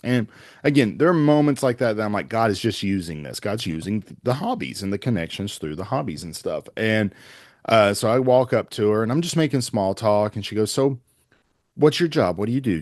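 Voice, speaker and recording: A middle-aged pastor with a lowish voice tells his story in an interview, earnest and rambling, slipping into the lines of the people he met. The sound is dry and close, with no room around him. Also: a little mellow, dry recording. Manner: earnest, rambling anecdotes with quoted dialogue. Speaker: pastor and evangelist.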